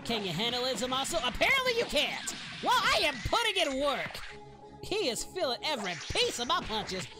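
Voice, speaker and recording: Someone doing a pumped-up young fighter guy, goku, voice bouncing all over, music loud behind. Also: mid-range voice, big pitch swings, quick pace, few pauses, close to an everyday voice. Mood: hyped. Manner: hyped, shouting, cheering at the screen. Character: excitable young male martial-arts hero. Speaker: reaction channel host. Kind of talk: in-character reaction commentary.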